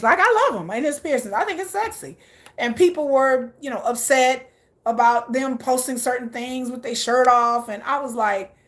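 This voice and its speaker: A woman's voice: fairly high pitch, expressive, normal speed. A woman vlogger chatting casually, gushing and laughing often while reacting aloud to viewer comments. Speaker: K-pop vlogger. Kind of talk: casual chat.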